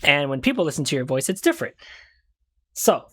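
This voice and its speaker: A woman's voice: low voice, sing-song, brisk. A woman streaming a courtroom game, chatting casually, laughing, swearing and stumbling over her words. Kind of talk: casual let's-play commentary.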